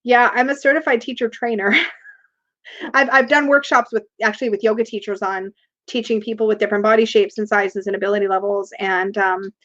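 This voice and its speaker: A woman's voice: mid-range voice, flat delivery, brisk, a bit bright. Chatty woman hosting a tarot livestream. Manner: chatty, laughs often, reads viewer comments aloud. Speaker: tarot reader and livestream host. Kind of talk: casual livestream chat. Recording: dull lo-fi livestream audio.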